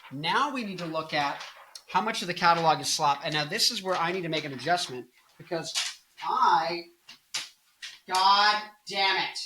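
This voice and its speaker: A man's voice: on the high side, expressive, a little fast, noisy background. A man in his early twenties, a tired rock singer hosting his own channel, talking casually and zanily about music with bursts of mock anger. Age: early 20s. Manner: zany, bursts into loud off-key singing and mock anger. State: tired late in the day.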